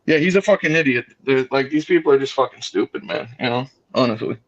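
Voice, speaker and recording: A man's voice: mid-range voice, fast, no room sound. Profane laid-back man, dull stream audio. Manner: profane, laid-back, says dude and bro a lot. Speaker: stream co-host. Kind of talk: casual chat.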